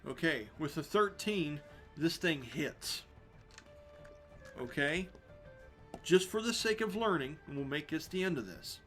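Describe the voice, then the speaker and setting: Bright, lively male game master. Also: on the high side, measured pace, long pauses, faint music behind. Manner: lively, laughing, descriptive narration. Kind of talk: narrating a tabletop game.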